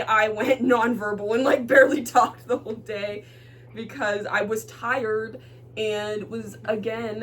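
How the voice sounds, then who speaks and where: A young woman vlogger telling a story in a casual, animated way, swearing and laughing as she goes. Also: medium pitch, recorded from a distance, a little hiss or hum. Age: young adult. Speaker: vlog co-host. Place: dorm room.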